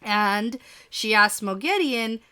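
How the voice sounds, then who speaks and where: A woman co-hosting a podcast, chatting casually about a book with quick bursts of speech and frequent laughs. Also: medium pitch, lively intonation, pushed and bright, clean tone. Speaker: podcast co-host.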